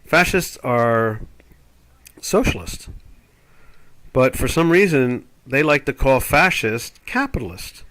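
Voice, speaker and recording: A man's voice: medium pitch, very animated, slow, long pauses, fairly bright tone. An older man hosting a live trading chat, rambling and opinionated as he talks through market charts. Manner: rambling, opinionated, puts on quoted voices. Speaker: trading show host.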